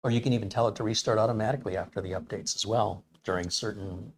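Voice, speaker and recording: A man with a fairly low voice hosts a casual tech livestream. He chats easily with his viewers and reads out their comments. His delivery is loose and rambling, and he often thinks aloud. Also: steady tone, quick pace.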